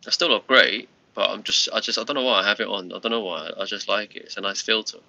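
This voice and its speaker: A fairly low, very bright male voice on a dull, lo-fi stream. He rambles to his viewers in a tired, halting way and keeps starting his sentences over. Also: vocal fry, no room sound. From United Kingdom. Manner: rambling, halting, with many restarts. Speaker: livestream host. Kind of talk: casual live-stream chat with viewers. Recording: lo-fi muffled livestream audio.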